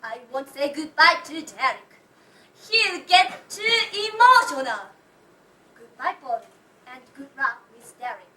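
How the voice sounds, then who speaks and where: A young woman playing a wry wife leaving her husband in an amateur stage play, calm and matter-of-fact. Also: high-pitched, unhurried, full character voice. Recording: echoey theatre from far off.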